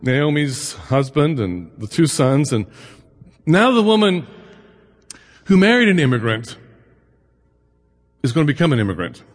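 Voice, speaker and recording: A man's voice: a little high, big pitch swings, measured pace, long pauses, in a large hall. A middle-aged man giving a conversational lecture, full of anecdotes, asides and rhetorical questions. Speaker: lecturer on the Bible and immigration.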